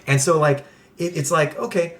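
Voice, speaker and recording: A young man co-hosting a podcast in casual chat, excitable, swearing often and restarting his sentences. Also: fairly high pitch, moderate pace. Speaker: podcast co-host.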